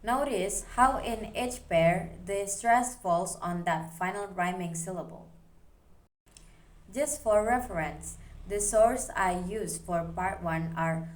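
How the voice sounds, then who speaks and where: A woman's voice: mid-range voice, slow pace. A young woman student giving a recorded class presentation, explaining steadily as she reads through her slides.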